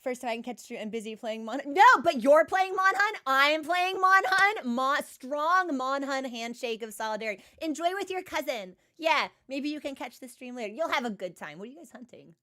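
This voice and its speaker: A woman streamer in casual chat, animated and chatty, with frequent filler words. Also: high voice, normal speed, few pauses.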